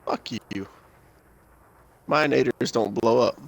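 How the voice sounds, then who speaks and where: A man's voice: mid-range voice, takes it slowly, gravelly. A young man streaming a game, bantering with a friend in a profane, joking way. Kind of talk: casual gaming chat.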